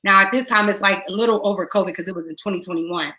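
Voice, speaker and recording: A middle-aged woman tells her own loss as testimony, and her bright, edged voice carries across the space. She moves between hushed, near-whispered pain and sudden loud bursts, and the room lends a noticeable echo. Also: medium pitch, fast talker. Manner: raw, tearful retelling with rising outbursts and hushed moments. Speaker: guest speaker. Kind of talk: emotional personal testimony.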